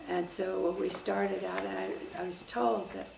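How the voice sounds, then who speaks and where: Older woman with a gravelly, creaky voice. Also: mid-range voice, measured pace. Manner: lively storyteller, acts out quoted exchanges. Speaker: interviewee, former official. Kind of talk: oral history interview. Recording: echoey room with faint hiss.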